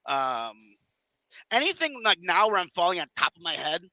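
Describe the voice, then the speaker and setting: A man telling animated stories in a casual podcast chat, acting out quotes and laughing often. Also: sits high, normal speed, dry recording, lo-fi sound. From Chicago area. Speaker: guest wrestler.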